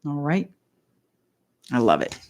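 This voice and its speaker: A middle-aged woman giving a live tarot reading, excitable and chatty, talking straight to her viewers and greeting them by name. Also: sits low, slow pace. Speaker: tarot reader.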